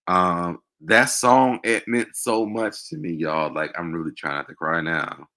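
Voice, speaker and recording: A man hosting his own show, speaking emotionally in a halting personal monologue with many pauses and fillers. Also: sits low, steady tone, pushed and bright. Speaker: show host.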